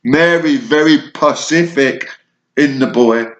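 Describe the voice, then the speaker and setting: A man's voice: mid-range voice, slow, dull audio. A man from Kent with a southern English accent, telling a rambling personal monologue in short, fragmented bursts that jump between memories. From Kent, England. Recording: echoey room.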